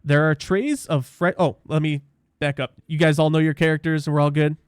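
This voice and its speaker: A man's voice: fairly high pitch, steady tone, brisk, clear, resonant tone, no echo, studio quality. A male podcast host chatting casually with guests, rambling and interrupting himself, then narrating a script. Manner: rambling, self-interrupting, laughs easily.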